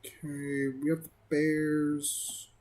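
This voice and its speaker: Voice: mid-range voice, completely flat delivery, takes it slowly, darkish tone, rough recording. A gaming video creator giving casual let's-play commentary, rambling and self-amused, with many fillers.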